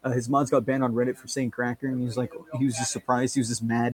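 A man's voice: medium pitch, flat delivery, fast talker. Rambling joking man on a podcast. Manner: rambling, joking, swears freely. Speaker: podcast co-host. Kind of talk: casual podcast banter.

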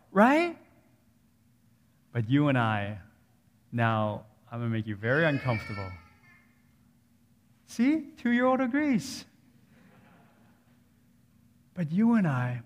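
A man in his thirties preaching a sermon as a pastor, conversational, repeating phrases and swinging from quiet low asides to raised emphatic lines. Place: church sanctuary. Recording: reverberant church hall.

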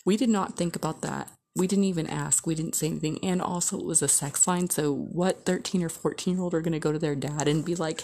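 A woman's voice: deep voice, fairly even intonation, brisk, hardly any pauses, dark tone. A woman vlogger telling a casual storytime, chatty and rambling with lots of filler words.

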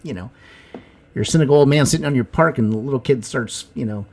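This podcast co-host talks fast in a medium-pitched voice. The chat is casual, and he's animated and jokey as he tells stories.

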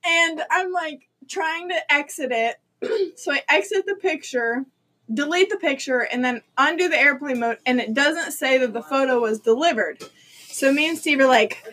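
Woman, young adult, high voice, casual chat host, animated storyteller, acts out quotes. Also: moderate pace, slight background noise.

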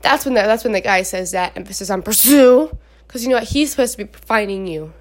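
A young woman casually talking to her viewers at home about faith and dating, chatty and animated. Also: medium pitch, quick pace. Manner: chatty, animated, talks to her dog between points. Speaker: Christian advice vlogger. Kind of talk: casual faith talk to camera. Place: at home indoors.

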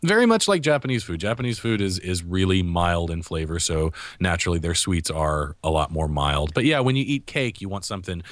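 A young man chatting on a podcast in a somewhat low voice. He rambles, restarting and correcting himself as he goes. The sound is dry and close, with no room echo. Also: lively intonation, a little fast, hardly any pauses. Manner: rambling, self-correcting storyteller. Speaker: podcast co-host. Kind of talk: casual chat. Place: living in Japan.

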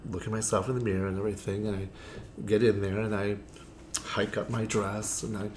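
Chatty, lower-voiced man telling stories. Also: level tone, a little fast, a little mellow, slight background noise. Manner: chatty and theatrical, heavy on "you know" fillers, acts out quoted lines. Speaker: drag performer telling stories as interview guest. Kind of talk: casual storytelling interview.

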